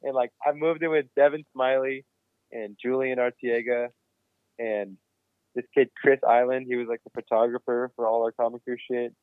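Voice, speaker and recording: A man telling a wild story in a casual podcast chat, cursing freely and getting animated. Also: mid-range voice, normal speed, clear, resonant tone, no room sound. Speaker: podcast guest. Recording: dry, phone-like remote line.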